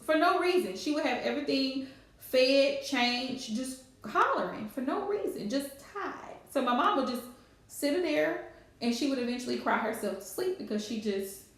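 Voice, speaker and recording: A woman, chatting casually on a live stream with playful scolding asides. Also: high-pitched. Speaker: livestream host. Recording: very echoey room.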